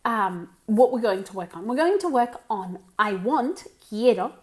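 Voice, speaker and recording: An Australian woman teaches an online English lesson to Spanish speakers. Her slightly high voice is expressive and measured as she explains things patiently, often checking in with "okay?" and slipping into Spanish.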